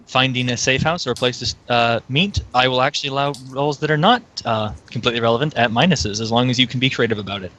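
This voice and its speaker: A man's voice: medium pitch, bright, forceful tone, slight background noise. A man running a tabletop game as game master, explaining rules with easy laughs.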